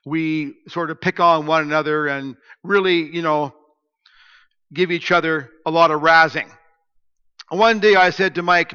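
A man preaching a sermon as pastor, telling stories and swinging between hushed asides and loud emphasis. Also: fairly high pitch, steady tone, unhurried, smooth. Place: church sanctuary. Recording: echoey church hall, dull lo-fi sound.

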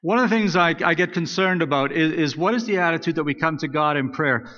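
A pastor preaches a chatty, conversational sermon, correcting himself mid-phrase and reading scripture aloud. His slightly high voice is animated, quick, pushed, and bright. The audio sounds dull and carries the long reverb of a church sanctuary.

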